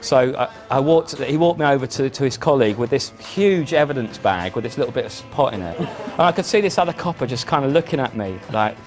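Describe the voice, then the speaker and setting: A man, a musician guest in a casual chat, telling animated stories with frequent restarts. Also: mid-range voice, brisk, few pauses, music in the background. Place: indoor chat.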